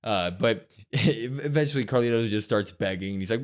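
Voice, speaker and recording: A man's voice: lowish voice, moderate pace. A man co-hosting a wrestling podcast, animatedly retelling a show's events and acting out what people said. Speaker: podcast co-host. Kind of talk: casual wrestling show recap.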